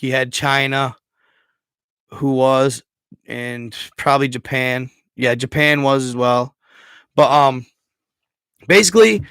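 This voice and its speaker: Slow slangy dude rambling on a livestream, dry mic, keeps tripping on words. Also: male voice, medium pitch, fairly bright tone, smooth, no echo. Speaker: livestream host. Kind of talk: casual livestream history talk.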